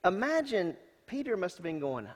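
A senior pastor preaching a sermon and reading scripture aloud, in a folksy, emphatic way that swings between loud and hushed. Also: male voice, high-pitched, sing-song, moderate pace, breathy edge. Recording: long hall reverb.

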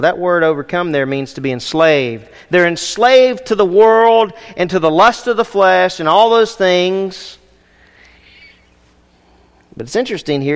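A man's voice: on the high side, big-room sound. A man preaching as a senior pastor, teaching a sermon in a conversational way with jokes and rhetorical questions.

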